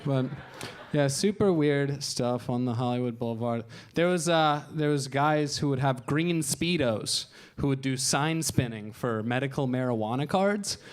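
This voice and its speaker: A man's voice: mid-range voice, unhurried, clear, resonant tone. A man doing a stand-up comedy set on a club stage, telling wry, self-deprecating stories into a handheld mic and acting out other people in raised voices.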